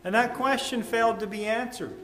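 A man preaching a sermon in a measured, earnest way, swinging between loud emphasis and hushed tones. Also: extremely high pitch, fairly even intonation. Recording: echoey room with faint ambient noise.

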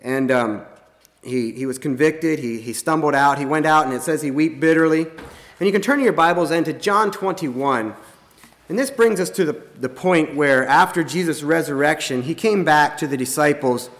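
A man with a somewhat high voice preaches a sermon from the pulpit. He speaks earnestly and plainly, and his sentences often stall on fillers and restarts. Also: fairly bright tone. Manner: halting, many restarts and fillers.

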